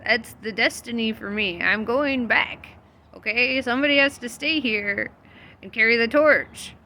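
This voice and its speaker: A woman voicing a calm, teasing Jesus figure in her retelling, speaking softly and reassuringly. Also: a little high, a little slow, a little hiss or hum, voice pushed up. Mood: firm.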